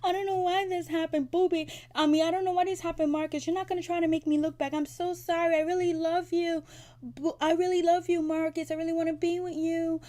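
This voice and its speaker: Woman doing a high, whiny sobbing girlfriend who begs and apologizes, loud and teary. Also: level tone, brisk. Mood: tearful pleading. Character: tearful young woman pleading with a boyfriend. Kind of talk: mocking impression in a recap.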